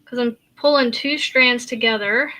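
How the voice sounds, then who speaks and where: Bright-voiced, slow-talking woman crochet host. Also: fairly high pitch. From Kansas, USA. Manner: chatty, laughs often, reads viewer comments aloud. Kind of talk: casual live-stream chat.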